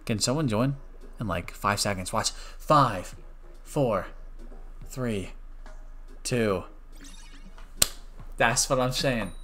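A young man commentating his own online gameplay on a stream, joking and switching between loud outbursts and quiet mumbles. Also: mid-range voice, very slow, long pauses, soft background music. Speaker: gaming streamer.

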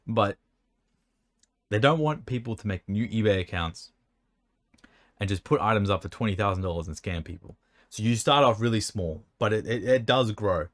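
A man's voice: fairly low pitch, lively intonation, moderate pace, pauses often, no room sound. A man answering viewer questions about selling cards in casual chat, rambling and stumbling over words, his mouth dry and hiccuping. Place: indoor room by an air conditioner.

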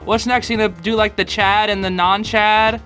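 A man's voice: high-pitched, little pitch movement, moderate pace, sharp tone, soft background music. A young man hosting a casual reaction video, laughing often and talking in loose slang full of fillers. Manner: giggly, filler-heavy slang talk.

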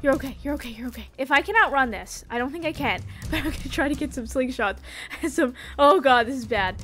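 A young adult woman giving casual gameplay commentary, excitable, pleading with and cursing at the game as she plays. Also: sits high, fairly quick, soft background music. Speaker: gaming YouTuber.

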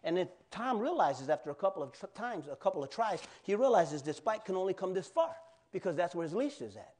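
An animated male pastor preaching in a fairly high voice. He talks in a loose, conversational way and often turns to quiz his congregation. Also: fairly quick. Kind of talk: sermon.

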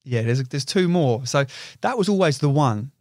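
Young angler, guest on a podcast, excitable and chatty, dry sound. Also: male voice, mid-range voice, normal speed, no room sound. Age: young adult. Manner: excitable storyteller, swears, uses "you know" a lot. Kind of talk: casual chat.

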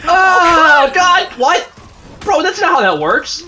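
A man's voice: very high-pitched, takes it slowly, sharp tone, soft background music. A man co-playing a video game, bantering brashly and swearing a lot. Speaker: co-player. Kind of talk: casual gameplay chat.

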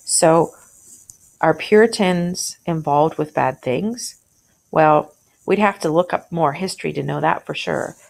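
A woman's voice: deep voice, a little slow, vocal fry. A woman teacher walking through a short story in a conversational way, thinking aloud and asking questions as she annotates.

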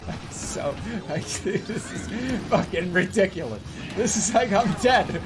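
A man's voice: high-pitched, lively intonation, slow pace. Exasperated man cursing at a game. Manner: exasperated, swearing, laughing at the game. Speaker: streamer. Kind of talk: gameplay commentary. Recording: loud game music behind.

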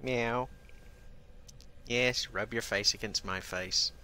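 A man's voice: medium pitch, expressive, a little slow. A man giving casual gameplay commentary, swearing freely and chatting fondly to his cat between moves. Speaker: gaming video creator. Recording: loud background noise.

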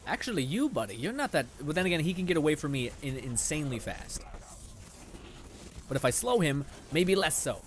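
Young guy narrating his game, kinda high voice, sarcastic, swears a lot, faint hum behind. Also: big pitch swings, a little fast. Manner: frustrated, sarcastic, swears often, laughs a lot. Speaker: gaming channel host. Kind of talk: live gameplay commentary.

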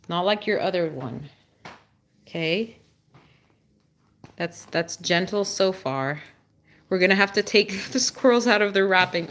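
A woman hosting a casual livestream, who talks to her dog in a high sing-song voice, drops low for asides and exclaims and laughs often. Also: fairly bright tone, slight background noise.

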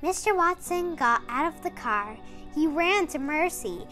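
A woman reading a children's picture book aloud in slow, expressive storytelling. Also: high-pitched, faint music behind.

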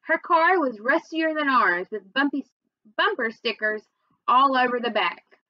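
A woman reading a children's novel aloud, with expressive first-person storytelling. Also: high voice, measured pace, no echo, highs cut off. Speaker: reader.

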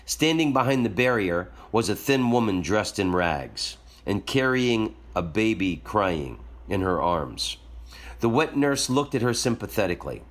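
A man hosting a show, reading a short story aloud in a calm storytelling manner. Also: on the low side, a little slow. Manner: calm storytelling, jokey afterwards. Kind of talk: reading a story aloud, then casual asides.

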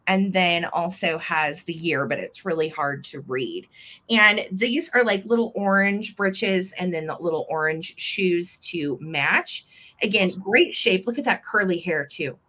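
Brief: female live-sale host, bright forward tone, gushy chatter. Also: on the low side, a little slow. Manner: chatty and gushing, fond little words. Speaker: host selling vintage items live. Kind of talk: live sale chat, describing items.

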